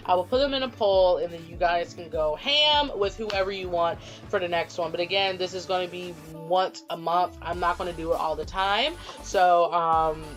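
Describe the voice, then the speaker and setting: A young woman casually talking about her original character in a vlog, rambling with lots of ums. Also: fairly low pitch. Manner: rambling, many ums, gets emotional. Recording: dull lo-fi audio with faint music.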